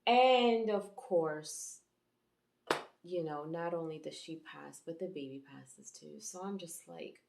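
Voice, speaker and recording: Chatty woman reviewer, low voice, echoey room. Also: moderate pace, gravelly. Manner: chatty and rambling, many fillers and restarts. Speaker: YouTube reviewer and channel host. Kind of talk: casual TV episode review.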